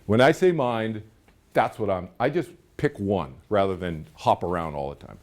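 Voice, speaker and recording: A man's voice: on the low side, lively intonation, normal speed, darkish tone. A middle-aged man giving a live seminar talk, chatty and storytelling, often checking in with his audience. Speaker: seminar speaker.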